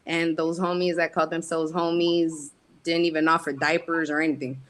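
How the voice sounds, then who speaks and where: A woman guest in an interview, telling her life story frankly with streetwise slang and halting pauses. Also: sits low, level tone, rough recording. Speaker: guest, casting company founder. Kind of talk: candid personal storytelling in interview.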